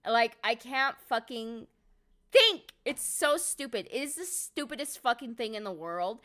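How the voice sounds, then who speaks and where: A young woman streaming from home, telling a story in casual chat, excitable and swearing a lot with many fillers of "like". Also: a little high, normal speed. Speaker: live streamer. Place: at home by a window.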